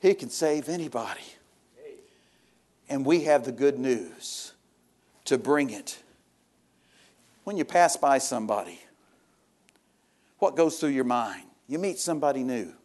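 A male pastor preaching a sermon, reading scripture and then explaining it, swinging between loud rising exhortation and quiet confiding talk. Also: mid-range voice, lively intonation, unhurried, pauses often. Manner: reads scripture aloud, then explains it plainly.

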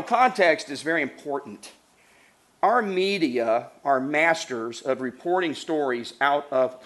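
A middle-aged man preaching a sermon, telling funny stories and then laying out numbered points. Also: a little high. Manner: animated, acts out voices, laughs while telling stories. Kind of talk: sermon with humorous storytelling.

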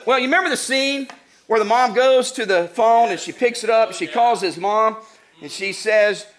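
Animated storytelling male preacher. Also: sits high, normal speed. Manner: animated, acts out voices, laughs while telling stories. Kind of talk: sermon with humorous storytelling.

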